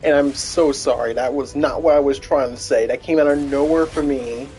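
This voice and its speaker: A man's voice: mid-range voice, fairly even intonation, moderate pace, darkish tone, soft background music. A man streaming a video game, rambling in casual chat with many restarts and fillers.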